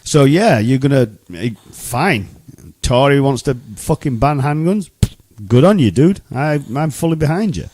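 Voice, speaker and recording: Fired-up man ranting, pitch swinging widely. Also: lively intonation, unhurried, hardly any pauses, a little mellow. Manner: heated, profane ranting. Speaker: podcast co-host. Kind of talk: casual podcast chat. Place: Oshawa, Canada.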